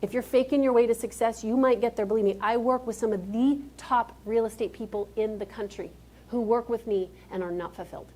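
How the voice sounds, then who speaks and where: A woman's voice: a little high, fairly even intonation, a little fast, darkish tone. A woman giving a motivational keynote speech on stage, talking emphatically and directly to a live audience. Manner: emphatic, direct, calls out to the crowd.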